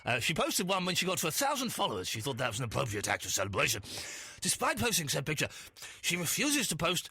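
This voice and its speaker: A man hosting a comic radio phone-in, bantering in a lively way with mock-posh turns and swearing asides. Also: fairly high pitch, fast, hardly any pauses, slightly rough, dry recording. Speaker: radio host. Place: radio studio.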